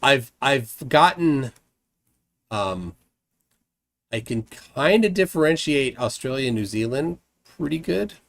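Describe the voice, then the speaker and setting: A man's voice: medium pitch, lively intonation, gravelly, a bit bright. A man hosting a live call-in stream in casual chat, often restarting his sentences and trailing into fillers. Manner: halting, with frequent restarts and fillers. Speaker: livestream host.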